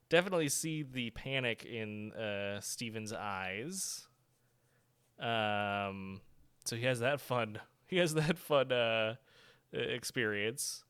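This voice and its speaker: Bright, smooth-voiced man chatting. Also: medium pitch. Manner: chatty, laughs often, many fillers and self-corrections. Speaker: podcast co-host. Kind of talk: casual chat reviewing a TV episode.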